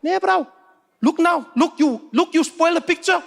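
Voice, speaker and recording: A comedian putting on a high, loud voice to play an excitable South African man who badgers him for a selfie. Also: moderate pace, creaky, slight background noise. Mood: insistent, excited. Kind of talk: stand-up comedy.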